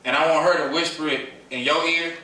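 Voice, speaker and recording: A man from Detroit lectures a live crowd in a bright, forceful voice, firing questions at them and drawing them into his points. The mic sits well back from him, so the sound is roomy and echoing, with a faint hiss underneath. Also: on the high side, fairly even intonation, a little fast. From Detroit, USA. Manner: preachy call-and-response, questions the crowd, playful. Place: room with a live audience. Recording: echoey room, distant mic, faint noise.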